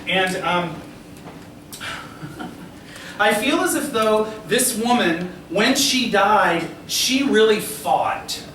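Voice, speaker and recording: High-voiced man heard from across an echoey room. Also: lively intonation, drawn-out words, pauses often, pushed and bright. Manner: repeatedly checks in with the listener, lightly laughing. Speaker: psychic medium. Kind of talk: live mediumship demonstration. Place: restaurant dining room before a seated audience. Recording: roomy, distant camera audio with background noise.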